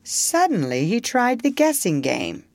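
A woman narrating a storybook in an expressive, measured reading. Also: a little high, no echo.

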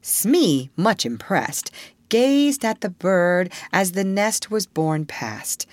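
A woman narrating a storybook in an expressive, measured reading. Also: mid-range voice, no echo.

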